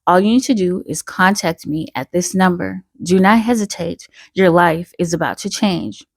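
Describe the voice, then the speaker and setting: A woman doing a soft-voiced mystery woman. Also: fairly low pitch, normal speed, creaky, dry recording. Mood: mysterious. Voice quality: soft, gentle, at times whispered. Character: mysterious wish-granting woman on the phone, soft and gentle.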